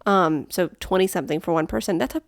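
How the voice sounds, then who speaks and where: Woman cohost, kinda low and gravelly, dry mic, just explaining stuff plainly. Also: quick pace. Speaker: podcast co-host. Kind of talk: casual chat.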